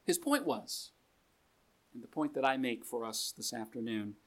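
A man's voice: mid-range voice, huge pitch swings, moderate pace, fairly bright tone. A man preaching a sermon in a conversational way, reading scripture aloud and adding joking asides, in a meeting room.

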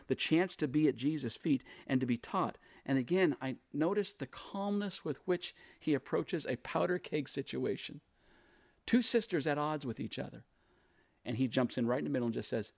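A man's voice: medium pitch, lively intonation, normal speed, vocal fry, a little mellow, no room sound. A man preaching a sermon, walking through a Bible passage in a conversational, repetitive teaching manner.

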